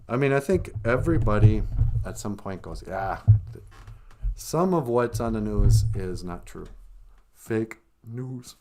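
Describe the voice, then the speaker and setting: A man from Minnesota hosting a comedic live stream, rambling and halting with a dry, self-mocking humor. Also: fairly low pitch, lively intonation, background noise. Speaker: host of a language comedy show.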